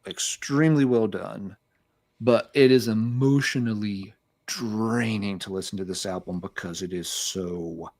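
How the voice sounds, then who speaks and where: Rambling low-voiced man talking music. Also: unhurried, a little mellow. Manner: rambling, many fillers and restarts. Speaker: podcast co-host. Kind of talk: casual music review chat.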